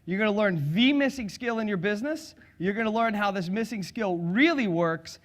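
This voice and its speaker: A middle-aged man giving a live sales seminar, energetic and joking, asking the audience questions. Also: high-pitched, normal speed. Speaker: sales and public speaking trainer.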